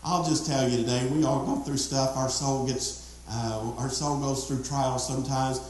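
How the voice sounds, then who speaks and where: A man's voice: medium pitch, steady tone, moderate pace, a little hiss or hum. A man preaching a sermon as pastor, emphatic and repetitive, calling out to the congregation. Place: church sanctuary. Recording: very echoey church hall.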